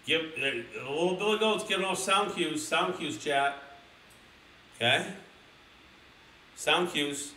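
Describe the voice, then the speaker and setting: A young man streaming a crude comedic storybook reading, excitably addressing his chat. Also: a little high, slow, pauses often, far from the mic. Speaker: streamer reading a children's book. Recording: roomy, a little off-mic, faint noise.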